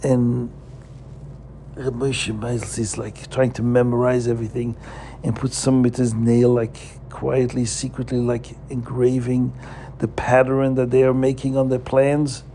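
A man's voice: mid-range voice, a little slow, a little hiss or hum. A man telling a story to children as a lesson, asking them questions and repeating words for emphasis. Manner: animated, asks listeners questions, repeats for emphasis.

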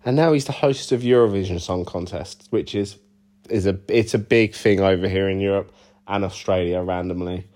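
A man with a low, mellow voice chats loosely through interview answers. He rambles, swears freely and pokes fun at himself, full of casual asides. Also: normal speed. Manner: rambling, sweary, self-deprecating banter. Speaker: band bassist and lead vocalist, interview guest.

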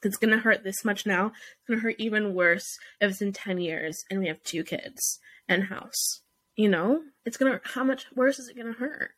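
A woman's voice: fairly high pitch, fairly bright tone. Woman, podcast host, young adult, heated advice, blunt, swears, lots of fillers.

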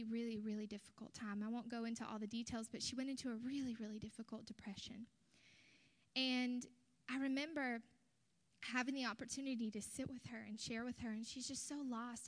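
A young woman preaching in a church, telling a personal story with earnest, animated delivery and soft whispered stretches. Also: sits high.

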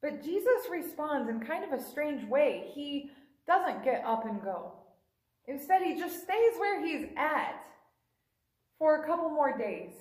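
A woman's voice: sits high, big pitch swings, a little slow, a little mellow, reverberant, low-quality recording. A woman preacher giving a sermon, retelling a scripture story in a conversational way and briefly acting out the quoted lines. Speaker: pastor.

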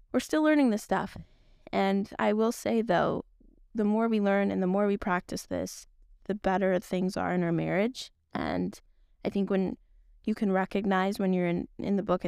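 Young woman podcaster, gravelly low-end voice, dry close sound, rambles earnestly. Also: a little mellow, no room sound. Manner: earnest, rambling with frequent restarts and laughs. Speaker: podcast host. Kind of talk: casual faith talk.

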